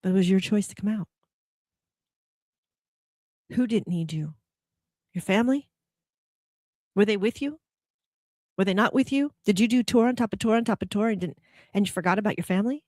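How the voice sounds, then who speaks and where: A woman's voice: medium pitch, moderate pace, pauses often, darkish tone, dry recording. Woman giving a spiritual pep talk, keeps firing questions at you, dry close mic, no room sound. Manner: probing rhetorical questions; acts out quoted complaints in a heated voice. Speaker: host.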